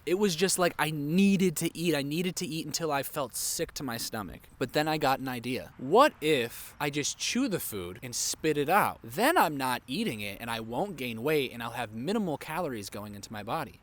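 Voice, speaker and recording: A young man with a slightly high voice shares his own story straight to the camera. He talks candidly and with a lot of animation, leaning on "like" as he goes, in a personal vlog. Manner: candid, animated, heavy use of "like". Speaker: vlogger.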